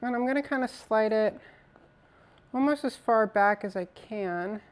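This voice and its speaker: This woman's voice sits a little high and moves a little slowly. Building a PC live on stream, she keeps up chatty, casual conversation with her audience and lets the occasional swear slip.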